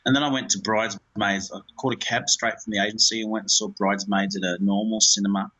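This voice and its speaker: A man's voice: on the low side, steady tone, quick pace, bright, forceful tone, breathy edge, poor audio. A man, a film director, talking in an interview in a rambling way, with many fillers and restarts.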